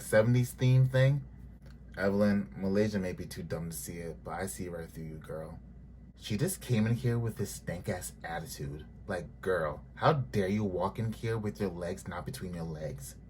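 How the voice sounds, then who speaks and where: A man's voice: fairly low pitch, slight background noise. Blunt, sassy man recapping a show. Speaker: TV show reviewer. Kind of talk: casual episode recap vlog.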